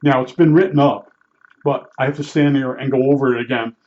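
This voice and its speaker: An older man from New Jersey rambles through stories from his working years in a blunt, salty way, often restarting his sentences. His voice sits at an ordinary middle pitch. The recording sounds a bit dull and lo-fi. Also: steady tone, a little fast. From Newark, New Jersey. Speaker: vlogger recalling his work as a meter calibrator. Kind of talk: rambling casual storytelling.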